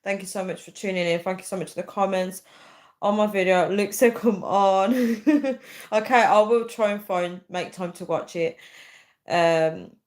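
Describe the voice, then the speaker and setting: A young woman hosting a casual live stream, reading viewer comments aloud and thinking out loud with many fillers. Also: mid-range voice, a little slow. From United Kingdom. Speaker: livestream host.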